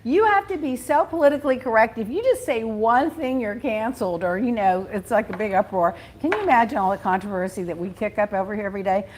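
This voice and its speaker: A woman hosting a podcast in casual chat, animated and chatty, laughing often. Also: on the high side, fast, hardly any pauses. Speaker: podcast host.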